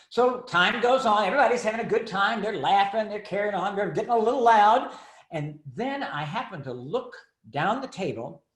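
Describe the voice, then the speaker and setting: A man's voice: high-pitched, echoey room. An older man from Texas, a speaker and author on caregiving, telling humorous stories and acting out the voices of the people in them. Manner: animated, acts out voices in his anecdotes. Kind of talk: humorous storytelling talk.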